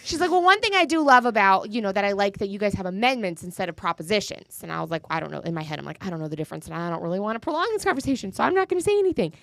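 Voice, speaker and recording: In a gravelly mid-range voice, this woman races along with few pauses, and there's no room sound. A thirty-something co-host from Florida, she's in a casual political chat on her podcast, animatedly retelling an argument by playing both parties.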